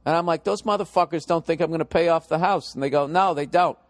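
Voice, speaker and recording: A middle-aged stand-up comedian with a Boston accent rants in a profane, exasperated way. His voice sits a little high for a man. The sound is close and dry, with almost no room around it. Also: fast, dry recording.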